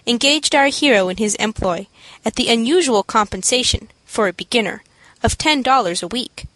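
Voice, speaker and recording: A woman narrating an audiobook in a steady, clear storytelling manner. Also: on the high side, no room sound, rough recording.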